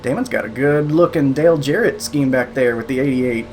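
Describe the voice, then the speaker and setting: A man giving casual live commentary while sim racing from home, thinking aloud, a little out of breath, laughing softly at himself. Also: mid-range voice, a little fast, soft background music. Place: room at home.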